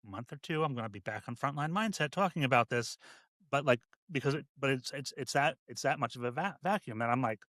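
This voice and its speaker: A man who is a deputy fire chief, a guest on a podcast, speaking in a halting, reflective way with many restarts. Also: mid-range voice, expressive, a bit bright, no room sound, clean studio sound. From United States. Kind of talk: casual podcast conversation.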